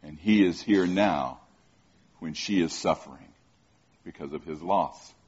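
A man preaching in a husky voice, conversational and full of questions for the listeners. He often stumbles and repeats words. The recording sounds dull and lo-fi. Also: low-pitched, a little slow, a little mellow. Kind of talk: sermon.

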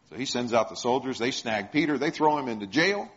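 A man's voice: medium pitch, big pitch swings, brisk. A man preaching a sermon, retelling stories and putting questions to the congregation. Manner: storytelling, asks the congregation questions. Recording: dull lo-fi sound.

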